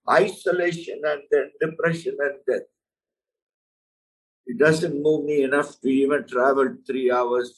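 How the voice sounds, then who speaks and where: A man's voice: medium pitch, distant mic, low-quality recording. A man preaching a sermon, earnest and emphatic, often calling the listener "my friend".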